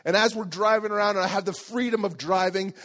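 A middle-aged man telling a lively personal story as a pastor in a sermon. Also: sits high, fast. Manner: lively, animated storytelling with acted voices.

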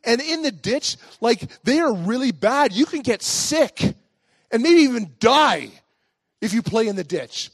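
A strict, worried old grandmother who scolds loudly in a raised, shrill voice, as a preacher puts her on. The sound is close and dry, with no room around it. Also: sing-song, unhurried, no echo, heavily acted. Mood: scolding. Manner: high-pitched shouting scolds.

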